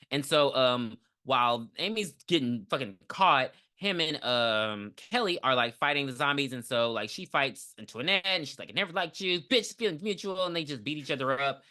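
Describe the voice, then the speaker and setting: A woman podcast co-host recapping a movie in a casual, profane, animated way, acting out lines as she goes. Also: extremely low pitch, normal speed.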